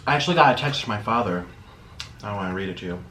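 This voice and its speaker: A man hosting a chatty eating vlog at home, talking in a theatrical sing-song way that swings from loud bursts to mumbles. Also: on the low side, expressive, fast, a little hiss or hum. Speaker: mukbang host.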